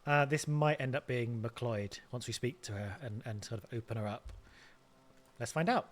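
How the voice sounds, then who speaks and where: Brief: let's-play host, mid-pitch, mulling things over out loud. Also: male voice, moderate pace. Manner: thinking aloud, stammers through repeats. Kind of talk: casual game commentary.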